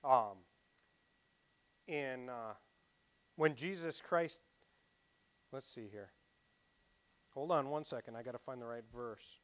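A man preaching a sermon, asking his listeners questions and swinging between loud emphasis and quiet asides. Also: medium pitch, takes it slowly, pauses often. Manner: asks the congregation rhetorical questions.

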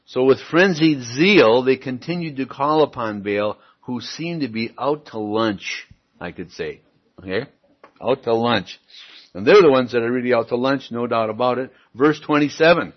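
A man's voice: medium pitch, normal speed. A man preaching a sermon and reading Bible verses aloud, stressing lines emphatically with wry asides. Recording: dull lo-fi recording.

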